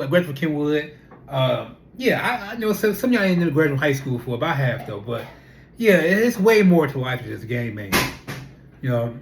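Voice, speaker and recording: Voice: medium pitch, noisy background. Young vlogger just rambling to the camera, chatty, lots of "listen" and "you know". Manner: animated, chatty, full of rhetorical questions and repeated fillers. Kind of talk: casual talking-to-camera monologue.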